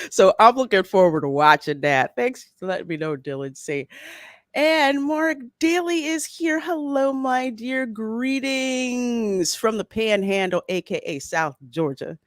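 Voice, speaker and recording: A woman's voice: mid-range voice, expressive, measured pace, dry recording. Bubbly woman host with a dry, close sound. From Philadelphia. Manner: bubbly, laughs often, warmly greets chat. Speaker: podcast host. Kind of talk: livestream podcast chat.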